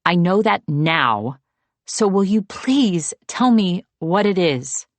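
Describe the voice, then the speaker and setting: A woman's voice: fairly low pitch, expressive, takes it slowly, dry recording, voice pushed up. A woman reading an audiobook, voicing an anxious young woman who speaks urgently and pleads. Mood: pleading.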